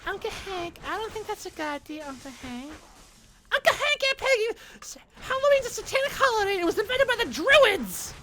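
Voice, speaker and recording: Luanne, a man putting on a shrill cartoon niece. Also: big pitch swings, fairly quick, bright, forceful tone, slight background noise, heavily acted. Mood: earnest pleading. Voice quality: shrill and squeaky. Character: naive Southern young woman, cartoon niece.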